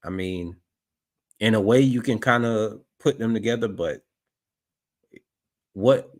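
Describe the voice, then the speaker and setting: A man with a rather low voice speaks slowly as he comments on footage. He sounds doubtful, questioning the story and repeating himself.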